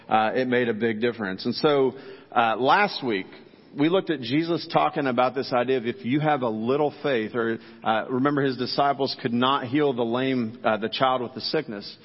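A middle-aged man preaching a sermon to his congregation in a casual, joking way, talking straight to the people. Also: mid-range voice. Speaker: pastor. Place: church sanctuary. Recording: dull sound with long church reverb.

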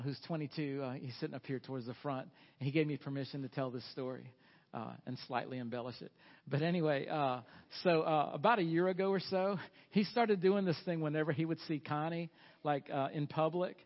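Middle-aged male pastor, earnest sermon voice with folksy asides, a little high, muffled lo-fi recording. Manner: earnest, presses with rhetorical questions, folksy asides.

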